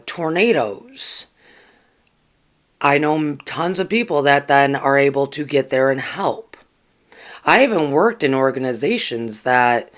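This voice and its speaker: On a casual livestream, a spiritual channel host reads oracle cards and talks earnestly with viewers. Her mid-range voice has a fairly bright tone, and she rambles, full of ums and restarts.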